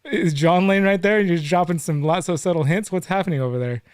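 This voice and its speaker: A playful male host with a slightly high voice teases his guest through a casual livestream chat. His voice sounds dry and close, with no room echo. He laughs easily between questions. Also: fairly quick, clean tone. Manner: playful and teasing, laughs often.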